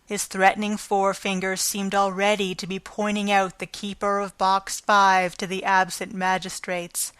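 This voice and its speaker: A woman narrating a classic novel as an audiobook, with a measured, expressive reading. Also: medium pitch, smooth, no room sound.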